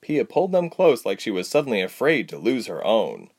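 A man narrating a storybook, reading with lively character voices. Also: lowish voice, a little fast, slightly rough. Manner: very animated, expressive delivery. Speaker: audiobook narrator.

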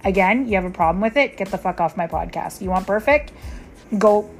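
A woman's voice: mid-range voice, animated, fairly quick, vocal fry, soft background music. Blunt, profane woman podcaster ranting. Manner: profane, blunt, emphatic, talks straight to listeners. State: tired. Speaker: podcast host. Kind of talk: raw unscripted solo podcast rant.

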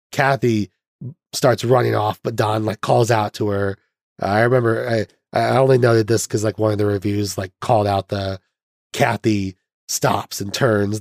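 A man's voice: on the low side, darkish tone, dry recording. A young man hosts a podcast and walks through a film's plot in a loose, chatty way. He slips into mock voices and laughs as he goes. His voice sounds dry and close to the mic. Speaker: podcast host. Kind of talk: casual film recap chat.

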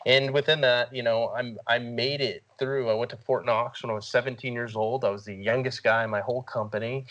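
A man's voice: mid-range voice, steady tone, a little fast, fairly bright tone, lo-fi sound. A man in his thirties, an army veteran, telling his story earnestly in a casual interview, with many "you know" fillers. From United States. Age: 30s. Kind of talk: conversational storytelling.

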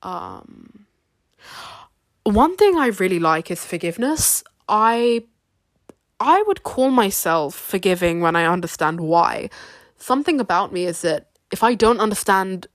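A woman's voice: mid-range voice, animated, measured pace, no echo. A young woman hosting a casual, rambling podcast, chatty and self-deprecating with frequent giggles. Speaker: podcast host.

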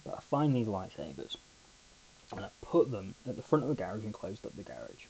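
Mellow low-voiced man rambling on a podcast. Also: sing-song, a little fast, gravelly, slight background noise, poor audio. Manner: rambling, chatty storytelling with asides. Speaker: podcast host. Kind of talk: casual solo podcast chat.

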